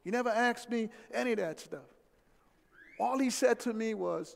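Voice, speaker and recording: A middle-aged man telling a personal story in an animated, emphatic way, repeating key phrases. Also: high-pitched, normal speed, creaky. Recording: echoey hall with long reverb.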